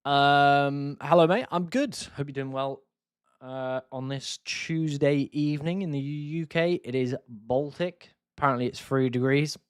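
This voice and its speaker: A man's voice: on the high side, a little slow, smooth, dry recording, studio quality. A man, casually answering chat questions on a live stream. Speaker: fantasy football streamer.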